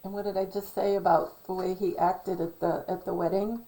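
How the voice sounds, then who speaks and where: A middle-aged woman talking in a rambling, casual monologue, hesitant and full of ums and self-corrections, a little hoarse from losing her voice. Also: mid-range voice, flat delivery, normal speed, warm tone, poor audio. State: losing her voice, clearing throat. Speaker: channel host.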